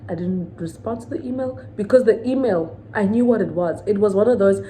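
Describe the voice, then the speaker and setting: A woman's voice: medium pitch, brisk, dark tone, slight background noise, rough recording. A woman in her thirties venting to the camera in a storytime vlog, indignant and emphatic, repeating her points and asking viewers to weigh in. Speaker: vlogger.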